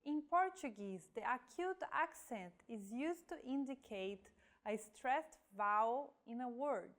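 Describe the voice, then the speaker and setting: A woman reads a scripted language lesson at an unhurried pace. Her voice sits a little high, and she pronounces each example word carefully and on its own. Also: lively intonation, a bit bright. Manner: slow, careful, demonstrating example words. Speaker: language teacher.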